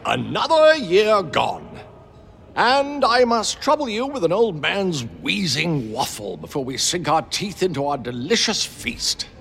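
Dumbledore, a man doing a gravelly old headmaster. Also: high-pitched, big pitch swings, a little slow, fairly bright tone, exaggerated voice. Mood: genial. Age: older. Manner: playful, rambling speech-giver. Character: elderly male headmaster, whimsical and wise.

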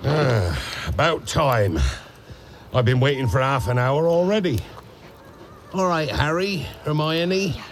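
A man reading a book aloud and voicing a big, gruff but kind-hearted male gamekeeper with a blunt rustic manner. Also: fairly high pitch, expressive, slow pace, pauses often, slight background noise.

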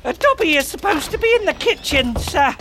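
A man's voice: very high voice, big pitch swings, a little fast, background noise, voice pushed up, full character voice. A man voicing an eager, servile male house elf in an audiobook reading. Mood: excited. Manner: servile, addresses everyone as sir. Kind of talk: audiobook character voice.

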